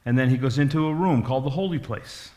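A man's voice: mid-range voice, quick pace, a little mellow. A man in his sixties, a pastor telling stories in a folksy, rambling sermon. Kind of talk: storytelling sermon.

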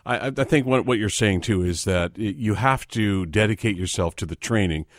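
A man's voice: on the low side, normal speed, no room sound. A man hosting a radio call-in show from a studio mic, polite and a little apologetic. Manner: polite, apologetic, reads phone numbers. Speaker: radio host. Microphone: studio microphone.

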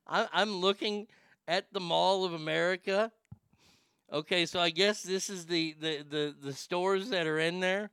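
A male comedy host with a somewhat high, gravelly voice that still rings clear. He rants and rambles excitedly, swears freely and stumbles over restarts. The sound is dry and close, with no room in it. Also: slow pace, pauses often, dry recording. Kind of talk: crude comedic rant and prank call.

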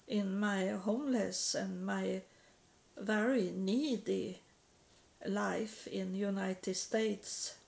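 A woman from Sweden, giving a halting personal testimony in English and often repeating words. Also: medium pitch, vocal fry. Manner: halting, repeats words, non-native grammar.

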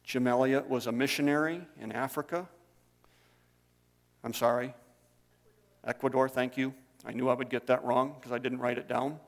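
A man's voice: mid-range voice, steady tone, normal speed, long pauses, in a large hall. A man preaching a sermon, telling stories in a conversational way. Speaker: pastor.

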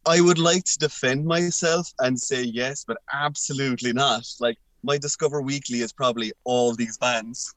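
A man chatting as a podcast guest, jokey and animated, firing off quick opinions. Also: mid-range voice, no room sound. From Ireland. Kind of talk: casual chat.

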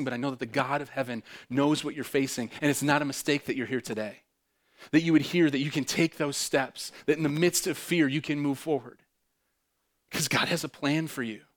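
A male pastor preaching a sermon. He swings between loud, fervent bursts and hushed, intimate passages, and he repeats phrases for emphasis. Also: fairly high pitch.

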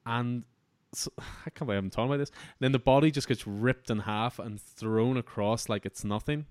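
Man, comic book podcast host, casual review chat, enthusiastic and rambling, clear voice, dead dry sound. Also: medium pitch, steady tone, moderate pace, darkish tone, no echo.

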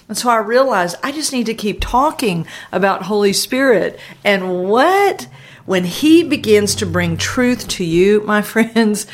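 A woman hosts a podcast and delivers a devotional teaching in an earnest, emphatic way. She stretches out key phrases and slows down to press her points home. Her pitch sits in a middle range. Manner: earnest, emphatic preaching with slowed, drawn-out phrases. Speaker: podcast host.

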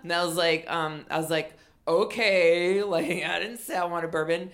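Middle aged lady comic telling a story on a podcast, low-ish voice, acts out the quotes big. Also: a little fast. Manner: animated, acts out quotes with shouted exclamations. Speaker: comedian and storyteller. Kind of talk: comedic storytelling chat.

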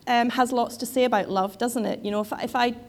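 A woman's voice: a little high, steady tone, brisk. A woman giving a sermon in a conversational way, with frequent fillers and restarts. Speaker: preacher.

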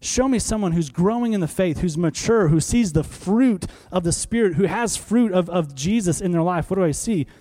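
A man in his thirties delivers a sermon, talking to the congregation as if chatting with them and firing off rhetorical questions. His voice sits a little high, yet its tone is mellow and warm. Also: normal speed, hardly any pauses. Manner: animated, conversational preaching with rhetorical questions. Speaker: pastor.

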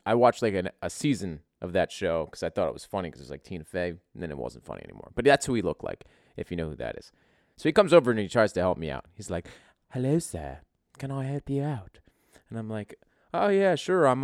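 A man's voice: low-pitched, dry recording, studio quality. A man hosting a casual podcast, telling a crude, joking story full of swearing. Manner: profane, joking, animated. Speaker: podcast host.

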